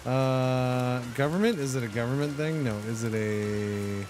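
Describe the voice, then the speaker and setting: A man streaming a game, chatting casually with his viewers in an animated, joking way. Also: medium pitch, unhurried, background noise. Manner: animated, joking, talks to chat. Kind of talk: casual live-stream commentary.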